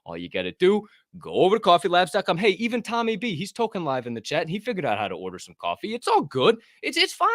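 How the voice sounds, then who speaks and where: Animated, rambling podcast host man. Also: on the high side, fast talker, few pauses, no room sound, clean studio sound. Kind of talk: casual livestream podcast chat and ad read. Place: warm room at home.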